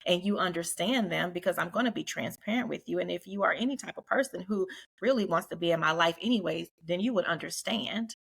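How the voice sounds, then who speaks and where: A woman's voice: lowish voice, a little fast, gravelly, slightly rough. A woman hosting a casual group talk, speaking earnestly and preachily with frequent laughs. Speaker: podcast host.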